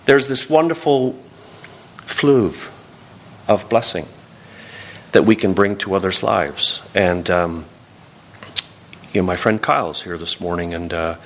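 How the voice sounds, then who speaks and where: Low-voiced man preaching folksy. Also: fairly bright tone, slight background noise. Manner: folksy storytelling with restarts. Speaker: pastor. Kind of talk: sermon.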